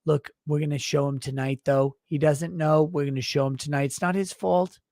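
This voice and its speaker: A brash man reads viewer messages on a livestream and fires back with crude, mock-indignant rants. His voice sits fairly high for a man. The sound is dry and close, with no room echo. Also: fairly even intonation, moderate pace, darkish tone. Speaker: livestream host reading super chats. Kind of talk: crude comedic livestream banter.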